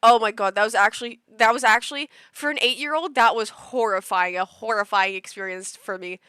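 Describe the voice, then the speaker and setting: Young woman streamer, bright and high-ish voice, animated rambling storyteller, dry close sound. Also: brisk, clear, resonant tone, no echo. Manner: animated and rambling, with frequent restarts, laughs and acted-out quotes. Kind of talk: casual storytelling to a live chat.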